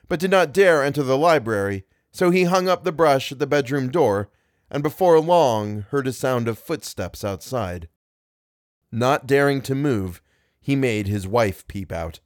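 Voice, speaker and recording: A man's voice: mid-range voice, no room sound. Man narrating a classic tale, dry close sound. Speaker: podcast narrator.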